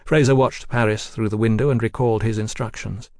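A man reading a novel aloud as narrator in a measured storytelling style. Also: lowish voice, steady tone, a little mellow, no echo, clean studio sound. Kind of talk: audiobook narration.

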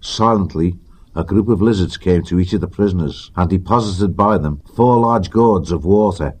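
A man narrates an audiobook, telling the story in a measured, even manner. His voice is low-pitched and slightly rough.

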